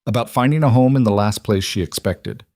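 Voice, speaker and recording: A man narrating a storybook western in an even storytelling manner. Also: lowish voice, brisk, no room sound, studio quality. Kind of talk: scripted narration.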